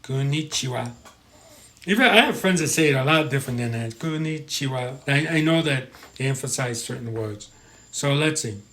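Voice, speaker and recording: A man's voice: medium pitch, expressive, fairly quick, bright, forceful tone. An American man hosting a live stream, chatting casually, reading viewer comments and stumbling over pronunciations.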